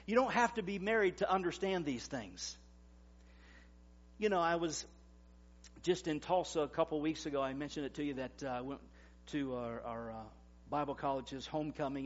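A man in his forties, a pastor preaching a sermon in a conversational way, swinging between loud emphasis and quiet asides. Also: on the high side. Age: 40s. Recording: dull, lo-fi recording.

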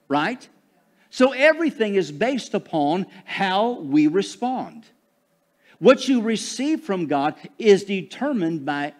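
A man from Michigan preaching a sermon to his congregation, calling for responses and rising loud on key phrases. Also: high-pitched. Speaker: pastor.

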